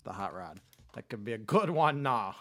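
A man's voice: medium pitch, big pitch swings, normal speed. Rambling self-mocking male podcast host. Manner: rambling, self-mocking, bursts into loud voices. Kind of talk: casual chat.

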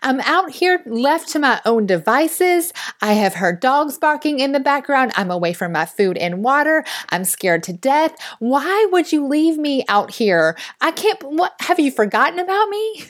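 A woman's voice: high-pitched, big pitch swings, a little slow, hardly any pauses, pitched above the performer's own voice. A woman voicing a frightened, indignant hen left outside alone, plaintive and accusing.

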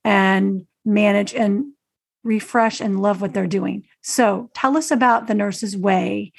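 Podcast host lady with a gravelly edge, dry close sound, nudging the guest along. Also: medium pitch, a little mellow, no room sound. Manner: encouraging, prompting the guest. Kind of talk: interview questions.

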